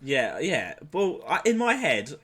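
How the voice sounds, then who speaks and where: A man's voice: a little high, huge pitch swings, measured pace, fairly bright tone, slightly rough. A British man co-hosting a comedy podcast, telling a made-up adventure in a rambling way, swearing and correcting himself as he goes. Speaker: podcast co-host. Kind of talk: casual improvised comedy chat.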